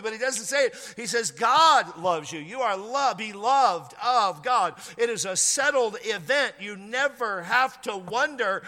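Emphatic preacher in a reverberant hall. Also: male voice, high voice, sharp tone. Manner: emphatic, repeats key phrases, slows down for emphasis. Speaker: pastor. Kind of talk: sermon.

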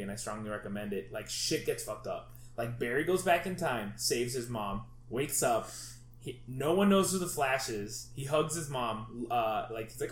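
Rambling, excitable man in an echoey room. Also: medium pitch. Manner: rambling, excitable retelling full of fillers and swearing. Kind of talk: casual chat. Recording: echoey room with faint background noise.

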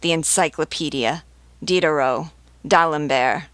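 A woman reading as a calm, scornful old marquis. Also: deep voice, no echo. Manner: calm, unhurried, unstressed delivery. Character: aged aristocratic male marquis, calm, scornful, well-bred. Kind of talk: reading a novel aloud.

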